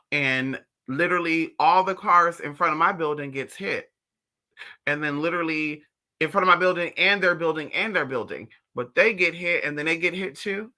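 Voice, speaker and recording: A spiritual teacher chatting casually with viewers on a live stream. They tell animated, profane stories and mock people with voiced impressions. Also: medium pitch.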